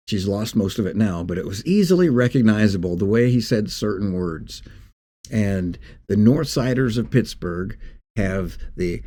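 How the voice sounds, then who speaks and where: A man giving a folksy, conversational devotional talk as a pastor. He pauses and restarts as he speaks. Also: lowish voice, animated, dark tone. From Northeast Indiana.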